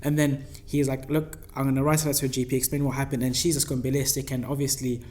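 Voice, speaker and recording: A man's voice: medium pitch, quick pace. A young man with a British accent, a doctor co-hosting a podcast, telling a work story in casual, slangy chat. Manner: lively anecdote telling, slangy.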